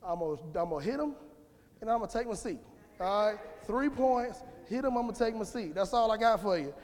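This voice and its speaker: In a church sanctuary with long hall reverb, a man with a high-pitched, animated, slightly fast and slightly mellow voice gives a church message as a lay speaker. His sermon is informal and conversational, rambling with restarts as he calls on the congregation.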